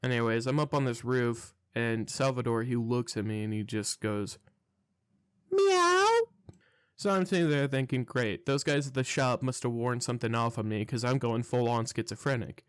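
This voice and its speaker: A young man rambles through a casual story, cursing freely and sounding baffled by what happened. His voice is smooth and clear, and it sits close and dry with no room around it. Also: mid-range voice, steady tone, a little fast, few pauses, dry recording. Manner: profane, rambling, incredulous. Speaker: storytelling vlogger.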